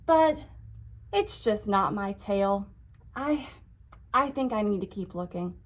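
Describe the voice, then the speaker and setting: A woman's voice: mid-range voice, animated, slow pace. A woman voicing an earnest young male pig in a storybook, breathless, gasping and wide-eyed. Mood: worried. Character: young male pig who lost his tail, earnest and excitable.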